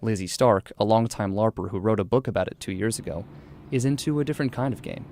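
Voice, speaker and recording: A man narrating a scripted radio news feature as a reporter, in a measured, even delivery. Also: on the low side.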